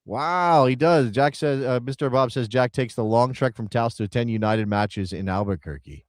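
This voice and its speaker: A man's voice: medium pitch, moderate pace, no room sound, studio quality. A man co-hosting a casual soccer live stream, chatty and rambling as he reads out viewer names. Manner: rambling, chatty, thinks aloud while reading chat names. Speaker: soccer show co-host.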